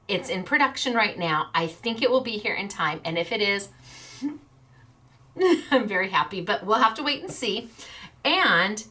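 A woman hosting a chatty craft video, bubbly and excited, often breaking into laughter. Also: medium pitch. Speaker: craft shop owner and video host.

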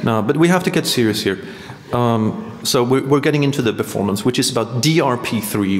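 A man giving a live lecture-performance, rambling and halting with wry asides. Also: medium pitch, a little hiss or hum. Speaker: performance artist. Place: art museum hall. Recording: echoey hall with long reverb.

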